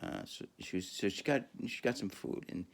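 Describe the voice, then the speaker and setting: A man's voice: low voice, moderate pace, creaky. A man podcaster telling a rambling, profane story in a casual monologue, full of fillers and laughing at himself.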